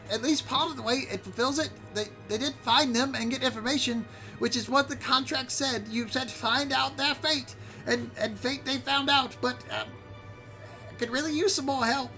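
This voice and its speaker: A man plays a small, excitable goblin girl who tumbles over her own words. Her voice sits high, breathless and babbling, never finishing one thought before the next starts. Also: normal speed, faint music behind, exaggerated voice. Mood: hesitant.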